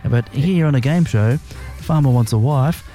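Male radio host, mellow, jokey banter, light music bed. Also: medium pitch. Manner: joking, quick banter. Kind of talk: casual radio chat.

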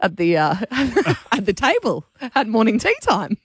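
A woman's voice: mid-range voice, slow, breathy edge, dry recording, studio quality. A woman, co-hosting a radio show, telling a story with lots of laughter. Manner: animated storyteller, laughs often. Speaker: radio co-host. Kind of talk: casual radio chat.

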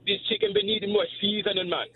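A man's voice: high voice, huge pitch swings, fast talker, phone-quality sound, a little hiss or hum, voice pushed up, heavily acted. A man voicing a jovial male cooking-show host in a put-on Jamaican accent, laid-back and hearty.

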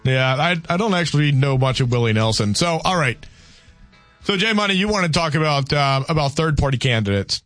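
A man co-hosting a casual political chat, talking in halting bursts and repeating words as he explains his view. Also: a little high, lively intonation, fairly bright tone, no echo, soft background music. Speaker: co-host.

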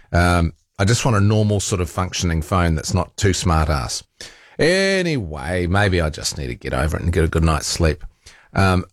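A man's voice: low voice, no echo, studio quality. A New Zealand man hosting a talkback radio show, chatting casually and poking fun at himself, with plenty of fillers. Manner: chatty and self-mocking, with frequent fillers and laughs. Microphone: studio microphone.

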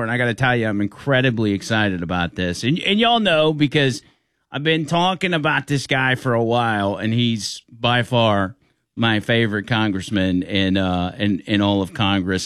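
A man's voice: mid-range voice, a bit bright, dry recording, clean studio sound. A man hosting a talk radio show, upbeat and folksy as he interviews a guest. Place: radio studio.

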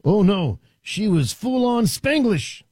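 Sarcastic talk radio guy, high lively voice, dry studio sound, middle-aged. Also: slow, breathy edge, no echo. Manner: sarcastic, mocking, conversational. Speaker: radio talk show host. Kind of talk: opinionated talk radio monologue.

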